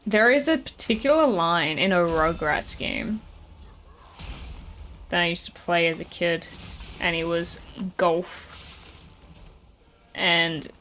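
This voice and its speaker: A woman's voice: lowish voice, a little hiss or hum, rough recording. Chatty woman streamer reacting to gameplay. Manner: chatty, reacting out loud to the game and laughing easily. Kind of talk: casual gameplay commentary.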